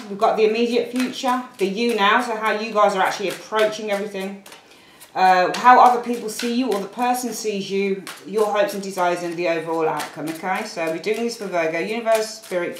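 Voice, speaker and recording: A woman's voice: medium pitch, reverberant, slight background noise, poor audio. A woman from Birmingham with a Birmingham accent, giving a casual, rambling tarot reading to camera with apologetic asides. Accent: Birmingham English. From Birmingham, England. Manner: chatty, rambling, apologetic asides, calls viewers darlings. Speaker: tarot reader. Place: room at home, at a table.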